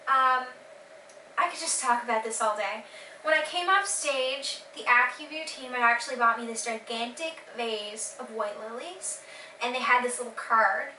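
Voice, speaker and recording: Excitable teen vlogger, girlish voice, filler-heavy storytelling, roomy distant sound. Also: fairly high pitch, normal speed, a little hiss or hum. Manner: gushing, excited, lots of fillers. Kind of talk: casual vlog storytelling.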